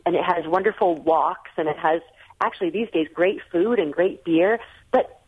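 A woman's voice: fairly low pitch, husky. An American woman in her forties chats as a radio guest author, restarting her sentences as she goes. She comes through a tinny, phone-like line. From United States. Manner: chatty, frequent restarts. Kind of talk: radio call-in conversation.

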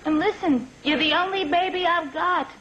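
A woman's voice: extremely high pitch, normal speed, a bit bright. A woman playing a doting, guilt-tripping older mother on the phone in a comedy sketch, with a sing-song, pleading, melodramatic manner. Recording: dull vintage recording with hiss.

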